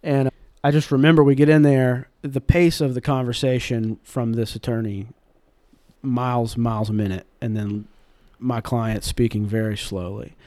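Twenties male guest, mild Southern accent, animated storyteller, dry close sound. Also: medium pitch, no room sound. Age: 20s. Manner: animated anecdotes, brisk delivery. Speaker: guest, in-house general counsel. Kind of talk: storytelling in an interview.

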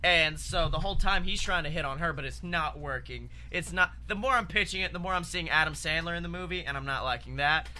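A man co-hosting a comedy podcast, pitching an absurd story in an excitable, rambling way with heavy swearing. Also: a little fast, few pauses. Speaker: podcast co-host.

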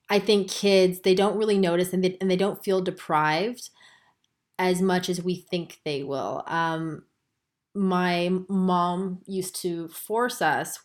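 A woman speaking as a podcast guest and pediatric acupuncturist, in a measured, reflective way with frequent "um"s. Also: lowish voice. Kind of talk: conversational interview.

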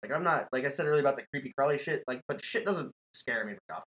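Lively, foul-mouthed man spinning a spooky tale. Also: medium pitch, rapid-fire, poor audio. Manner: animated, profane, laughing often. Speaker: podcast host. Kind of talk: casual storytelling chat.

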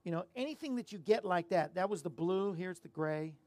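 Man, high-pitched, chatty rambling host, dry close sound. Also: animated, a little fast, darkish tone, no room sound. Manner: rambling, self-deprecating, chatty. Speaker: show host. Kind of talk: casual talk-show chat with jokes.

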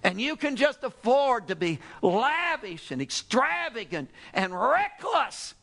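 A man preaching a sermon in a high, lively voice that swings widely as he tells a parable. His tone carries a gravelly roughness, and he slips into acting out the characters in the story. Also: takes it slowly. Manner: animated storytelling, acts out characters. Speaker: pastor.

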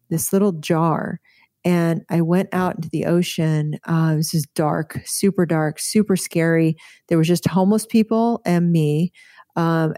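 A woman's voice: low voice, dark tone, no echo, studio quality. A woman physician and author telling a personal story in an interview, earnest and vivid, often restarting her sentences.

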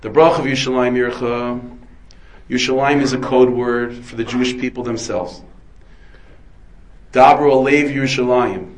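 A man's voice: mid-range voice, steady tone, moderate pace, slight background noise, rough recording. A man, a rabbi, giving a Torah lecture full of Hebrew terms, asking and answering his own questions. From United States. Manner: dense with Hebrew and Yiddish terms.

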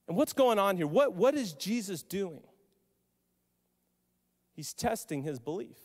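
A male pastor preaching a sermon, telling the story emphatically with pauses. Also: sits high, sing-song. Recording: long hall reverb.

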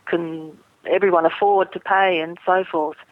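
A middle-aged woman, an airline pilot, speaking earnestly and measured as a guest in a phone interview. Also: fairly low pitch, steady tone, no room sound. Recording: tinny phone line.

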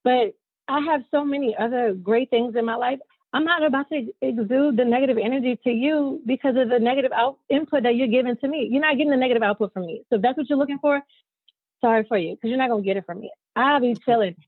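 A woman's voice: fairly high pitch, fast, slightly rough, dry recording. Candid swearing woman on a tinny line. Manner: emphatic, candid, swears freely. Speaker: co-host, newly married. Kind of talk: casual podcast chat. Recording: tinny phone-like sound.

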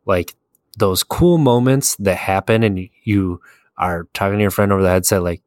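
A man with a very deep voice tells gaming stories in a loose, conversational way and laughs at his own tales. The sound is dry and close, with no room around him. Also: normal speed, a little mellow, no room sound. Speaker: podcast co-host. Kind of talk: casual chat about video games.

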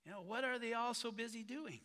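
A man's voice: very high-pitched, a little fast, bright, forceful tone, long reverb tail. A man playing a polite, worried pastor who stammers and restarts his questions. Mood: puzzled.

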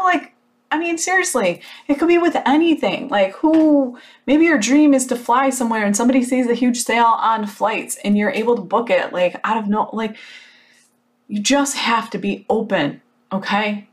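Animated woman telling a story. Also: a little high, moderate pace. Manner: animated, emphatic storytelling with frequent "like"; blunt, occasional swearing. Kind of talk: casual motivational talk.

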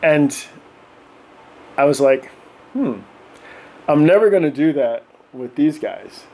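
A middle-aged man telling animated stories in casual podcast chat, often acting out voices and laughing. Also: fairly high pitch, takes it slowly. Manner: animated, acts out voices of his kids and himself, laughs often. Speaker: podcast guest.

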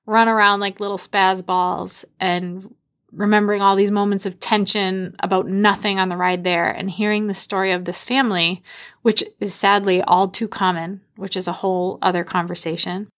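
A woman in her thirties from the Boston area tells a personal story. Her voice sits at an average pitch. She lives the story as she goes, bringing the dialogue to life with animated energy. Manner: animated, acts out quoted dialogue.

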